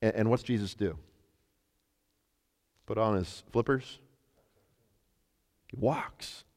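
A man preaching a sermon, animated, acting out scripture voices and dropping to near whispers. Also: lowish voice, takes it slowly. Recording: long hall reverb.

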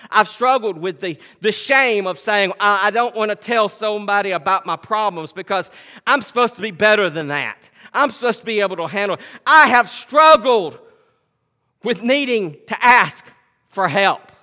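A male pastor preaching a sermon. He swings between loud, emphatic scripture reading and quiet, conversational storytelling. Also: sits high, animated, normal speed, big-room sound. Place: church sanctuary.

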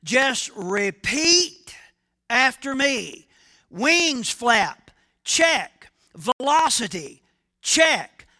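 A man voicing a calm air traffic controller who gives slow, repeated instructions in a joke told during a sermon. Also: very high voice, no room sound, studio quality, heavily acted. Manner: steady, repetitive instructions.

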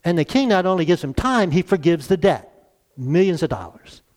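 A man's voice: fairly high pitch, very animated, normal speed, a little mellow. A man in his sixties preaching a conversational church sermon, chuckling often and asking rhetorical questions. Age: 60s. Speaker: pastor.

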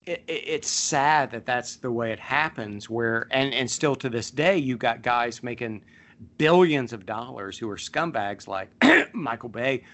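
Bright-voiced rambling male podcast host. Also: medium pitch. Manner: rambling storyteller with many fillers. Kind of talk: casual chat and storytelling.

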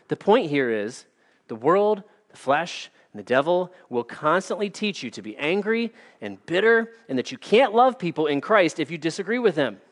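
A male pastor preaching a sermon in an earnest, emphatic way, with practical asides and storytelling. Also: a little high.

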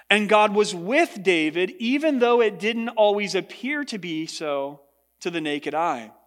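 A man preaching a sermon as pastor to his congregation, earnest, his voice lifting when he voices what others said. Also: fairly bright tone. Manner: earnest preaching, rising in pitch for quoted speech. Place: large church hall. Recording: long hall reverb.

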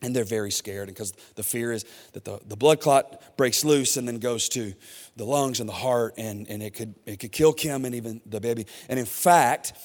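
A man in his thirties, a pastor preaching a sermon in an animated, emphatic way with many repetitions. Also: medium pitch, moderate pace, long reverb tail.

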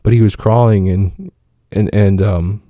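A man in his thirties, father of five, gives parenting advice in a casual monologue, rambling with lots of fillers and restarts. His lowish voice is mellow, steady in tone, and a little slow, with clean studio sound and no echo.

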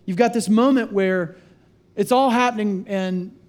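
Male pastor, middle-aged, high-pitched, conversational sermon, acts out voices. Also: a little slow, darkish tone.

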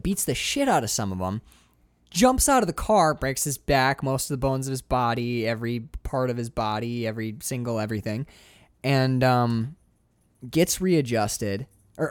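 Eager, rambling man on a film podcast, mid-pitched, dry close mic. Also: dry recording. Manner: enthusiastic, rambling, frequent restarts and swearing. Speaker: podcast co-host. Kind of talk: casual film discussion.

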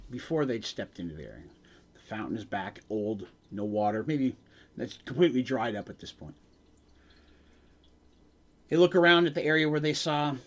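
A man acting as game master, retelling a tabletop game session in dramatic narration with casual asides. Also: medium pitch.

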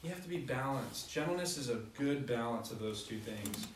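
A man's voice: mid-range voice, animated, brisk, far from the mic, a little hiss or hum. A young adult man preaching a conversational sermon, telling stories with self-deprecating humor. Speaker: pastor. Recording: echoey hall, voice from afar.

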